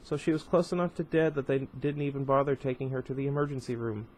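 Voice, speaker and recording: A man reading the lines of a stubborn young woman, voicing her softly and without much change from his own voice. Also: mid-range voice, steady tone, quick pace, slight background noise, close to an everyday voice, rough recording. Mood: earnest.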